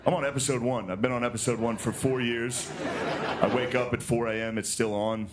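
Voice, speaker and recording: Deadpan male stand-up comedian on stage. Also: mid-range voice, brisk. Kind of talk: stand-up monologue. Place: TV studio stage with live audience. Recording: broadcast audio with audience noise.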